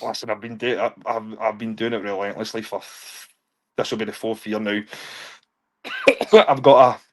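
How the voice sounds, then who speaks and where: A man's voice: on the low side, animated, moderate pace. A man in his thirties, telling stories in a casual podcast chat, laughing often and tripping over repeated words. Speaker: guest, touring stage show creator.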